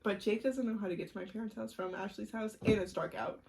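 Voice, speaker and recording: Animated young woman telling a story. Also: mid-range voice, quick pace, creaky. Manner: animated storyteller, acts out quotes, laughs, swears. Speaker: podcast co-host. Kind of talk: casual chat, storytelling.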